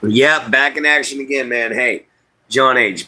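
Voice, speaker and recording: A man with a drawl hosts a laid-back livestream, chatting with viewers in a folksy, unhurried way. His voice sits in a middle pitch, and he talks from inside an RV. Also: bright, forceful tone, low-quality recording. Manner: folksy, drawling, reads chat aloud. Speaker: livestream host. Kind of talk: casual livestream chat.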